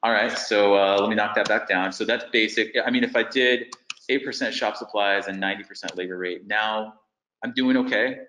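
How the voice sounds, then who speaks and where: A man's voice: on the low side, fairly even intonation, a little fast, sharp tone, roomy sound, a little hiss or hum, rough recording. A man presenting a business webinar, thinking aloud as he walks through figures on screen.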